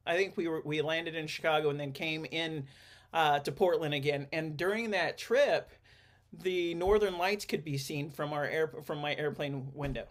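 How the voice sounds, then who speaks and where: A man with a fairly high-pitched voice hosts a podcast interview at normal speed. He's a podcast host and counselor who talks casually and rambles, with many fillers and frequent restarts.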